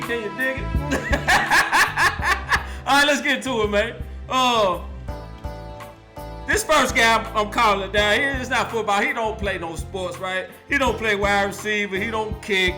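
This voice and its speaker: A man's voice: very high voice, measured pace, over music. A young adult man hosting a live call-in sports show, roasting players and fans in a laughing mock-preacher style.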